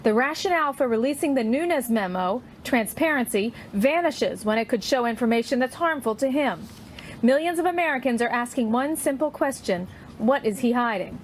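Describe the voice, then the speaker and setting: A woman correspondent reporting from near the White House, measured as she reads quotes steadily. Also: a little high, expressive, slight background noise. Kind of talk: news report.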